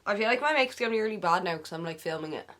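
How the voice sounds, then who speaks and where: A woman's voice: medium pitch, lively intonation, rapid-fire, fairly bright tone. A young woman with an Irish accent chatting casually through a get-ready-with-me vlog in her bedroom, playful and slangy, tossing in silly made-up words. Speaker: beauty vlogger.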